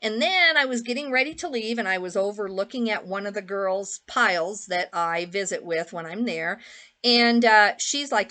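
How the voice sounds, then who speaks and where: A woman's voice: medium pitch, normal speed, bright, forceful tone. A woman reseller chatting casually through a clothing haul, rambling with lots of fillers and asides. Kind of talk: casual haul vlog chat.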